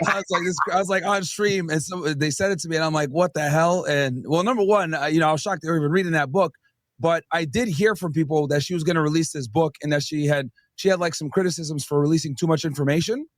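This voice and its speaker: A man's voice: fairly high pitch, a little fast, a bit bright, no echo, clean studio sound. Laid-back man telling a story. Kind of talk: podcast guest chat.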